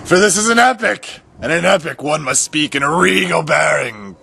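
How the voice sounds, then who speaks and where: A man's voice: fairly high pitch, expressive, moderate pace, vocal fry, bright, forceful tone, slightly rough. A young man playing a pompous, over-the-top hero in an amateur comedy film, speaking outdoors in a mock-heroic tone. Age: young adult. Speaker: lead actor playing the hero. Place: outdoors in a backyard.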